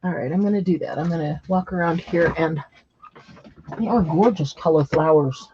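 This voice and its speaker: A woman's voice: deep voice, normal speed, dark tone, lo-fi sound, a little hiss or hum. A woman hosting a craft livestream from a home craft room, chatting casually and admiring her materials as she works. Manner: chatty, admiring, thinks aloud while working.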